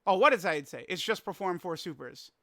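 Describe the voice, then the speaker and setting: High, bright, exasperated young man. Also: lively intonation, brisk, no echo, studio quality. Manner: exasperated, laughing, rambling with stammered restarts. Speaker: gaming YouTuber. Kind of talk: casual reaction commentary.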